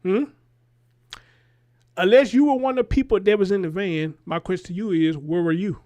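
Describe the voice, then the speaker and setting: Host, man, high voice, heated and profane, rhetorical. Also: normal speed. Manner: animated, profane, fires rhetorical questions. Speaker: commentary show host. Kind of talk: reacting to a news clip.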